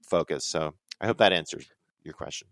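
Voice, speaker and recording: Rambling, animated man on a dry mic. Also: extremely low pitch, a little fast, vocal fry, no echo. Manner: rambling, animated, slips into quoted voices. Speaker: podcast guest. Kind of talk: casual storytelling.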